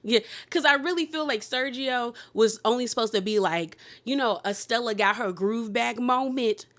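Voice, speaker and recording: Sassy, animated woman recapping reality TV. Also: normal speed. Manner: animated, laughs often, acts out quotes with pitch jumps; sassy, conversational, heavy use of "like". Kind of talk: casual recap commentary.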